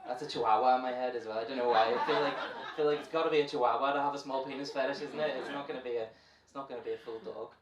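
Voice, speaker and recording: A man's voice: medium pitch, steady tone, very fast, recorded from a distance. A man with a Northern Irish accent doing a stand-up set on a club stage into a handheld mic, playful and self-mocking, riffing with the crowd. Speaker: stand-up comedian. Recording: echoey club, from afar, with crowd noise.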